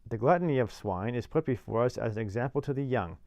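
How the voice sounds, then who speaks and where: A man's voice: medium pitch, animated, quick pace, darkish tone, dry recording, clean studio sound, close to an everyday voice. A man voicing a severe church clerk who moralizes solemnly at a dinner table, in a storybook reading. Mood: moralizing.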